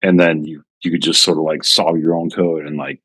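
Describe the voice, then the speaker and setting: A man with a very low voice co-hosts a casual tech podcast. He builds his points thoughtfully with many restarts. His voice sounds dry, with no room echo. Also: flat delivery, a little fast, fairly bright tone. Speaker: podcast co-host.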